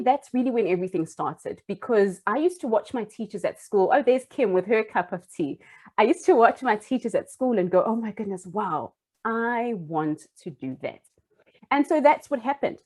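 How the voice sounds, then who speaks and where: A woman's voice: fairly low pitch, darkish tone. A young adult woman and former primary school teacher telling a personal story in an earnest, heartfelt way, with small restarts.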